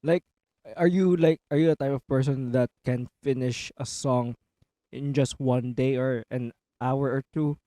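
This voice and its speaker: A man's voice: medium pitch, steady tone, unhurried, mellow, no room sound, clean studio sound. A man hosting a podcast interview who asks long, easygoing, rambling questions. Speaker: podcast host. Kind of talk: interview conversation.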